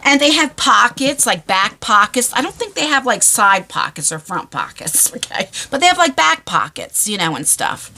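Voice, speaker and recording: A woman talks straight to her phone camera from a parked car, telling a storytime vlog. Her voice sits high and sounds bright and crisp, and it swings widely in pitch. She keeps laughing and breaks into high squeals as she tells her story. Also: big pitch swings, moderate pace, few pauses, a little hiss or hum. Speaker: vlogger. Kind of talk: casual storytime chat.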